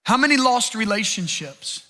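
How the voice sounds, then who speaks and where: A man's voice: high voice, lively intonation, normal speed, sharp tone. A man pastor giving an earnest, conversational sermon with repeated phrases.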